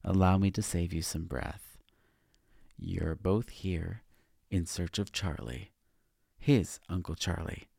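A man voicing an ancient, menacing male seer who speaks in a slow, hissing, ominous way. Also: sits low, gravelly, mellow, breathy edge, no echo, studio quality, exaggerated voice.

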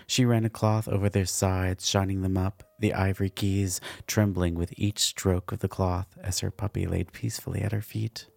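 Deep, gravelly male storyteller. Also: level tone, moderate pace, hardly any pauses, darkish tone, no room sound. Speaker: narrator. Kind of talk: dark fantasy story reading.

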